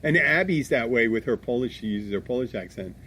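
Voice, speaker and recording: Blunt Philadelphia-born podcast host, swears easily, rambles with restarts, mid-pitched voice, faint background noise. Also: male voice, lively intonation, brisk, fairly bright tone. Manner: blunt, swears freely, self-described abrasive. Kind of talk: casual podcast chat.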